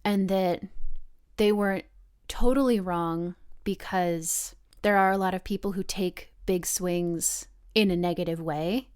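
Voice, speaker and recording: Woman player narrating her character in first person; smooth, clear tone, thoughtful, brightens for quoted lines. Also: a little slow. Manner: reflective, acts out quoted dialogue with lively pitch jumps. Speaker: player in a tabletop role-playing game.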